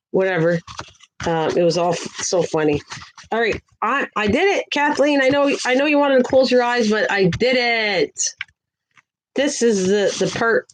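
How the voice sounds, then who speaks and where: An older woman chats her way through a crafting livestream, wandering from story to story as she works. She greets viewers in the chat by name in a sweet, lifted voice. A faint hiss sits under her voice at a middling pitch. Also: rough recording. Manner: chatty and rambling, talks to viewers in the chat.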